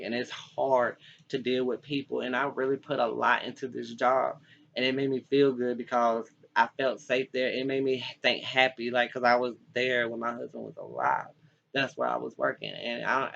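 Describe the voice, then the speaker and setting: Gravelly pleading man. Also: mid-range voice, a bit bright, a little hiss or hum. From North Carolina, US. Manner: pleading, rambling, with frequent restarts. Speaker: vlogger. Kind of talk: direct-to-camera personal appeal. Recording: dull lo-fi recording.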